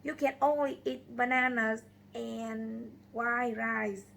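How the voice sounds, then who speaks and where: A woman reading the lines of a calm male doctor in a story, in a plain read-aloud delivery. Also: on the high side, slow pace, vocal fry, a little hiss or hum, full character voice. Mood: reassuring.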